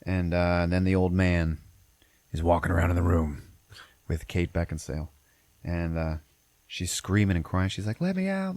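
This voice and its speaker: A man's voice: low voice, a little mellow, dry recording. A man hosting a podcast, recapping a movie in a rambling, profane, casual way. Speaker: podcast host.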